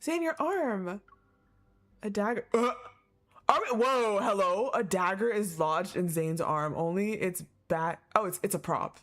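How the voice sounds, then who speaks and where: A woman's voice: medium pitch, lively intonation, unhurried, a bit bright. A woman streaming her reaction to a game, reading the story aloud and laughing a lot. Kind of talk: casual live reaction.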